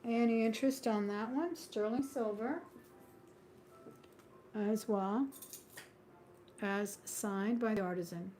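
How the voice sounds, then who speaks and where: A woman's voice: medium pitch, slow pace, long pauses, mellow, soft background music. A woman hosting a live-stream jewelry sale, calling out buy-now prices in a chatty, friendly way and drifting into small talk with frequent laughs. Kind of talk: live-stream sales patter.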